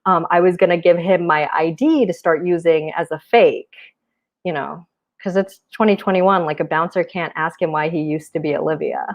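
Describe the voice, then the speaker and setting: A woman in her twenties doing a stand-up set for a virtual show, with a deadpan, self-mocking delivery. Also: fairly low pitch, normal speed. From United States. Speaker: stand-up comic. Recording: muffled lo-fi video call audio.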